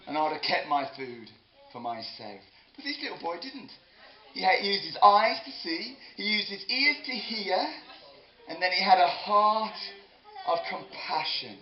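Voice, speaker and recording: Animated man telling a children's story. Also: high voice, measured pace. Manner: animated, playful, involves the audience. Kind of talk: lively Bible story for children. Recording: echoey hall, dull lo-fi sound.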